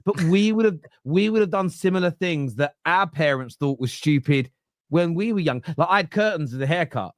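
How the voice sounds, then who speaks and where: A man's voice: on the high side, animated, normal speed, dry recording. An English man in his thirties hosts a casual football podcast, speaking in a slightly raised voice. He talks animatedly, swears freely, and acts out other people's lines as he goes. The sound is dry and close to the mic. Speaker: podcast host.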